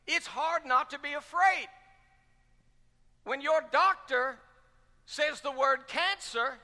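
A man's voice: extremely high pitch, takes it slowly, sharp tone. A man pastor preaching a sermon with fervent, repetitive rhetorical questions. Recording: long reverb of a large hall.

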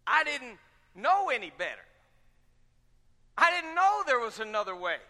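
A man's voice: very high voice, sing-song, a little slow, bright, forceful tone. A man pastor preaching a sermon with fervent, repetitive rhetorical questions. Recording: long reverb of a large hall.

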